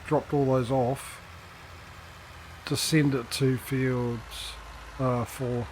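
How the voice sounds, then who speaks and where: Speaking extremely slowly in a level, medium-pitched voice, he streams the farming game and chats casually with his in-game workers. Dry jokes run through the gameplay commentary, with slight background noise behind him.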